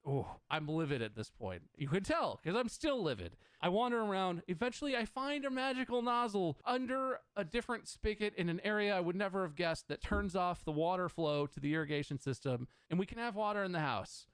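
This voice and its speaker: Male streamer, animated storyteller, swears freely, slightly high voice, dry close sound. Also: fairly quick, hardly any pauses, smooth, no room sound. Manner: animated, swears freely, acts out both sides of conversations. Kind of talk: casual storytelling on a livestream.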